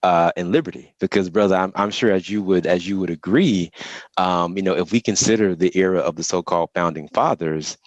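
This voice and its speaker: A man co-hosts a talk show in a very low voice, measured and deliberate as he lays out his point. The recording is dry and close. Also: dry recording, muffled recording. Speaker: co-host. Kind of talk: conversational radio talk.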